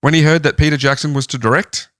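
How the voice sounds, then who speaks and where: A man hosting a casual podcast, retelling researched facts about a life story in a relaxed way. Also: fairly high pitch, fast talker, no room sound, clean studio sound. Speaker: podcast host. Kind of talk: casual chat.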